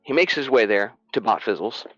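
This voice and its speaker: A man's voice: fairly low pitch, animated, brisk, no room sound, dull audio. A man narrating as game master of a tabletop game, in a casual, loose style with fillers.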